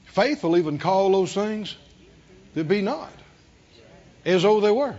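A man's voice: high-pitched, lively intonation, unhurried, a little mellow, muffled recording. An older man preaching a sermon, with a drawling delivery and frequent chuckles.

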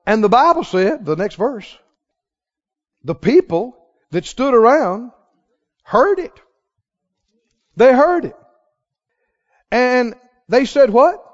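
Dramatic high-voiced male preacher. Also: big pitch swings, slow, pauses often. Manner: dramatic, swings from loud exclaims to hushed low lines; asks the congregation questions. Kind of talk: sermon. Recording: dull lo-fi sound.

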